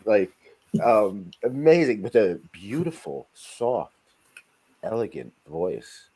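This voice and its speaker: A man with a very deep voice hosts a loose, casual podcast conversation. He talks in an animated way, jumping between loud bursts and low mumbles. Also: takes it slowly, slightly rough, low-quality recording. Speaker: podcast host. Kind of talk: casual chat.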